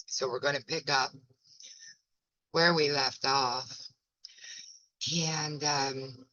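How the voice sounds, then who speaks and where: A woman's voice: a bass voice, sharp tone, dry recording. A folksy, self-mocking woman, chatting casually as the host of a home video, her eyes burning from pepper. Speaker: wellness ministry host. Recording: dull lo-fi dry sound.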